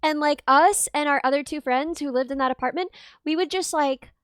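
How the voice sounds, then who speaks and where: Brief Female streamer host, high voice, chatty and teasing, dry close sound. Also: a little fast, no room sound. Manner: teasing, chatty, greets viewers. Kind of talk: casual stream chat.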